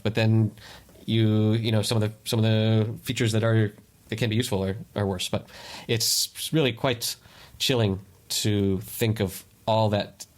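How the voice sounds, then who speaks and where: Low-voiced man explaining tech at length. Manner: meandering explanations with many restarts. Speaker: podcast co-host. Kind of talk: casual chat.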